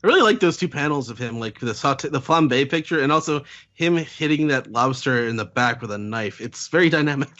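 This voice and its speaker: A man's voice: medium pitch, lively intonation, fairly quick, few pauses, fairly bright tone, muffled recording. A man co-hosting a podcast in casual chat, amused and laughing often. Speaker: podcast co-host.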